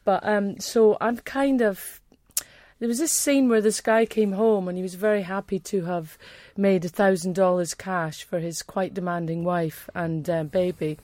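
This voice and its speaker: A woman's voice: mid-range voice, fairly even intonation, unhurried, darkish tone, dry recording. A woman comedian as a podcast guest, wry and rambling as she tells stories. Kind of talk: casual comedic chat.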